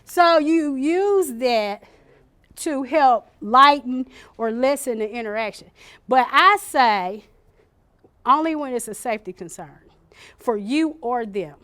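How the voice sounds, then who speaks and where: A woman leading an informal care-training workshop, chatty and animated, acting out little scenes with sudden loud bursts. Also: high voice, slow.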